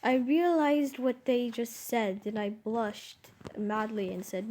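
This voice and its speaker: A woman's voice: a little high, steady tone, takes it slowly, warm tone, slight background noise. A woman casually reading her own fan story aloud, rambling and self-conscious, with frequent restarts and asides.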